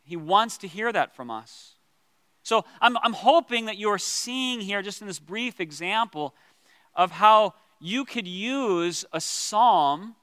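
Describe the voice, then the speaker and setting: High bright guy pastor talking earnest and gentle about prayer, bit of long reverb. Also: clear, resonant tone. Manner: earnest, gentle, with pauses and restarts. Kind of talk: devotional teaching on prayer.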